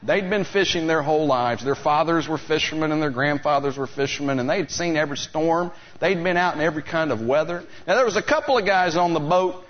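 Man preaching with animated storytelling. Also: a little high, fairly quick, hardly any pauses. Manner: animated storytelling, acts out voices of the disciples. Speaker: pastor. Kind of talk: sermon. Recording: slightly dull, lo-fi recording.

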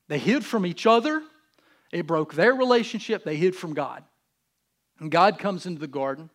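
A pastor with a somewhat high voice preaches in a relaxed, conversational style. He shifts from loud, emphatic bursts to quiet, almost whispered asides. He acts out God and the other people in his stories using casual voices.

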